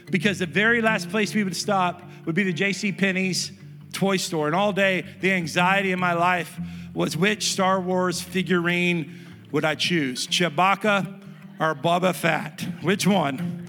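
High-voiced pastor telling a story. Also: male voice, unhurried, big-room sound, soft background music. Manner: animated storyteller acting out family voices. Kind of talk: sermon storytelling. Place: church sanctuary.

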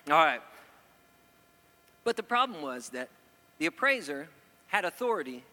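A man preaching a sermon to a live audience, animated and joking, often asking the crowd questions. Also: a little high. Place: church hall before an audience. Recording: long hall reverb.

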